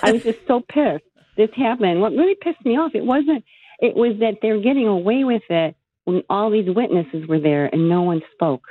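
A woman's voice: mid-range voice, animated, normal speed, dry recording. Blunt woman caller on the phone. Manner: blunt, emphatic. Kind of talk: call-in storytelling. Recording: tinny phone line.

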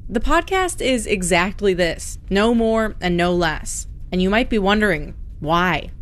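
A woman reporter narrating a radio news feature in a clear, measured way. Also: mid-range voice, animated.

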